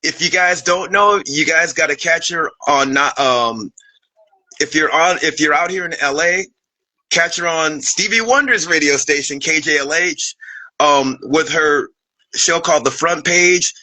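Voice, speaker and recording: Enthusiastic man host, bright slightly high voice, nervous chatty intro. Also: measured pace, low-quality recording. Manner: excited, laughing, stumbling over words. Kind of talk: casual interview intro.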